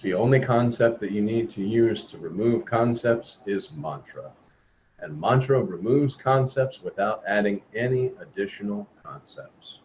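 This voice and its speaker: A man's voice: on the low side, unhurried, darkish tone, a little hiss or hum. A man leading a spiritual discussion on a video call, talking earnestly with repeated emphatic phrases. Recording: muffled video-call audio.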